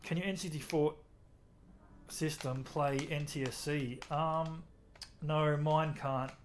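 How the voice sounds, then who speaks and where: A young Australian man with an Australian accent, chatting casually with his stream chat while playing a racing game, relaxed and talkative. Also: on the high side, slow pace, a little hiss or hum.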